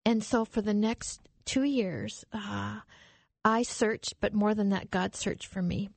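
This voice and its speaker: A woman's voice: medium pitch, fairly even intonation, takes it slowly, gravelly, no room sound. A woman giving an earnest, emotional personal testimony as a radio interview guest, often trailing off mid-sentence.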